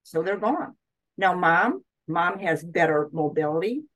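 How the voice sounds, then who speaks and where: A middle-aged woman with a somewhat low voice, sharing her own experience as a guest doctor on an interview show. She tells it as a story and livens up when she quotes other people. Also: expressive, measured pace, a bit bright, poor audio. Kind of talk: personal testimony in an interview.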